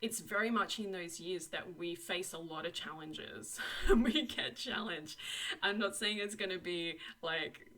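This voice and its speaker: A woman's voice: on the low side, lively intonation, measured pace, pushed and bright. A young woman giving a casual tarot and oracle card reading, effusive and encouraging, with frequent laughs and lots of "like" and "you know.". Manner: effusive and encouraging, full of 'like' and 'you know'; laughs often.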